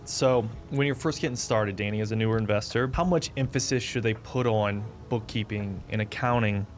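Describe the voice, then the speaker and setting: A man's voice: lowish voice, a little fast, slight background noise. A man co-hosting a podcast, asking questions in an easygoing, agreeable manner. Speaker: podcast co-host. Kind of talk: casual podcast chat.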